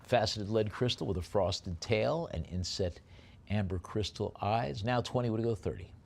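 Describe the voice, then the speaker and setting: A man calling a live auction, rattling off bids in a quick chant and slowing down to describe each lot. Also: lowish voice, vocal fry, darkish tone. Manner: rapid bid-calling chant alternating with slower item descriptions.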